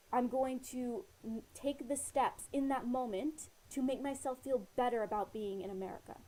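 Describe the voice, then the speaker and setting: Woman, fairly high voice, mellow tone, earnest rambling personal talk. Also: poor audio. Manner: earnest, rambling, many fillers and retold dialogue. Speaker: vlogger sharing personal advice. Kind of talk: casual personal talk to camera. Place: living in Australia.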